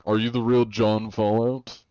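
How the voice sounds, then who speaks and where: A man's voice: fairly low pitch, little pitch movement, measured pace, mellow, clear, resonant tone, dry recording, muffled recording. An American man streaming, chatting casually with viewers in a rambling way, with laughs and many fillers. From United States.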